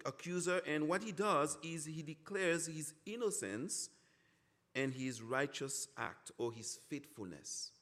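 A middle-aged man preaching with a fairly high voice. He swings between quiet pleading and loud emphasis as he voices scripture, pausing to correct himself along the way. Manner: expressive, pleading when quoting God, frequent self-corrections. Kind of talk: sermon.

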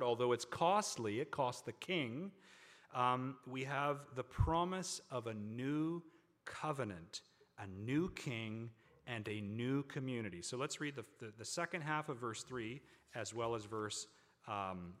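A man preaching a sermon to a congregation, with emphatic, drawn-out stresses on key words. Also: mid-range voice, animated, a bit bright. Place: large hall with a congregation. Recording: long hall reverb.

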